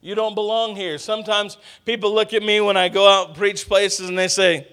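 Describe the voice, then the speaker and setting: High-voiced preacher working the congregation. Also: male voice, moderate pace. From Texas. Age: middle-aged. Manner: lively, call-and-response with congregation. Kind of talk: sermon.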